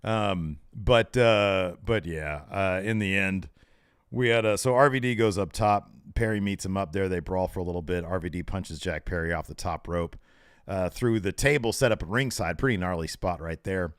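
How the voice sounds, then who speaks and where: A man's voice: low-pitched, normal speed, clear, resonant tone, no room sound, studio quality. A man co-hosting a podcast, chatting casually, laughing often and telling stories animatedly. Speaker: podcast co-host. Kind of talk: casual chat.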